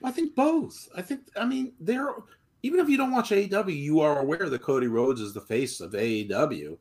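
A man's voice: a little high, expressive, normal speed, darkish tone. A man co-hosting a podcast in a casual debate, explaining his points emphatically and at length. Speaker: podcast co-host.

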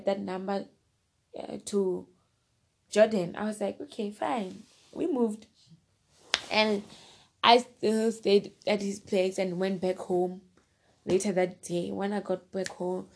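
Gravelly-voiced woman telling a story. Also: medium pitch, darkish tone. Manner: rambling, repeats phrases and fillers; addresses listener directly. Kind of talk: casual storytime.

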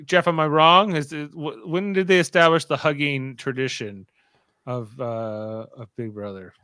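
A man's voice: a little high, steady tone, unhurried, pushed and bright, smooth, dry recording, studio quality. A man co-hosting a podcast, playful and quizzing the others in casual chat. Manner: playful, quizzing his co-hosts. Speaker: podcast co-host.

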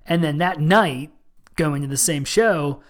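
A man co-hosting a casual podcast, telling stories in an animated, laughing, profane way. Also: fairly high pitch, unhurried. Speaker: podcast co-host. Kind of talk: casual chat, storytelling.

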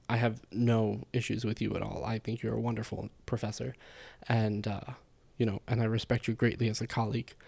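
Guy hosting a podcast, mellow low-key voice, rambling explainer with lots of you-knows. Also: creaky. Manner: chatty and explanatory, with frequent fillers. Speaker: podcast host. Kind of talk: casual spoken podcast monologue.

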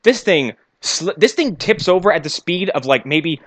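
A man's voice: on the high side, expressive, normal speed, a bit bright, dry recording. A man with a slightly raised voice talks with sarcastic disbelief about a film's plot holes. The mic is dry and close. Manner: sarcastic, incredulous. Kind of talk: casual movie riff chat.

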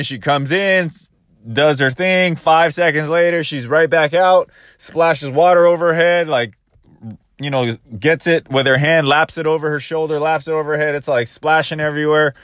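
A man's voice: a little high, a bit bright, no echo, studio quality. A man casually telling a first-person story, rambling and restarting as he quotes his own thoughts.

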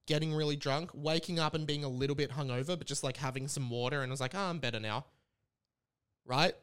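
An Australian man in his late twenties telling a casual, rambling story as a podcast host. He is animated and swears freely. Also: fairly high pitch, smooth. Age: late 20s.

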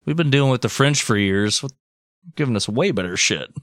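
A man's voice: mid-range voice, lively intonation, brisk, a bit bright, no echo, clean studio sound. A man hosting a comedy podcast, narrating history and breaking into crude joking asides. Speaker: podcast host telling history. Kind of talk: comic history storytelling.

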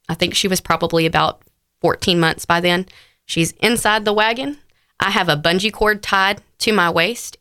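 Bright, clear woman telling her story. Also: on the low side, no room sound, clean studio sound. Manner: heartfelt storytelling, frequent fillers. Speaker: interview guest. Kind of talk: personal story in conversation.

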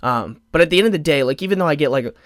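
A man's voice: on the high side, lively intonation, very fast, no echo. A man in his twenties hosting a solo podcast, rambling with constant "like" fillers and restarts, openly emotional. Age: 20s. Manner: rambling, heavy use of "like" fillers, frequent restarts; emotional, openly close to tears at times. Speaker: podcast host. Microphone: podcast microphone.

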